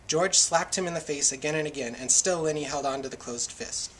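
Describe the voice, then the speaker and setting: A man reading a novel aloud in a public library, with a steady, plain read-aloud delivery. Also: on the high side, fairly quick, background noise. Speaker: volunteer reader.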